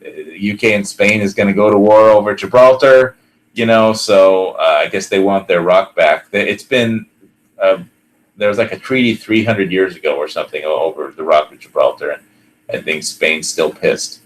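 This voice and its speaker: A low-voiced man hosts a podcast in casual chat, rambling at a moderate pace with many fillers and restarts and laughing often as he talks. The audio quality is poor.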